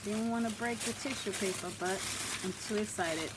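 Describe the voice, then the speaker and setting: A woman vlogging at home as she opens craft mail, gushing with excitement and gasping at each item. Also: mid-range voice, normal speed, hardly any pauses, very noisy. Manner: gushing, excited, frequent gasps and exclamations. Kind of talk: casual unboxing chat. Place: room at home with the door closed.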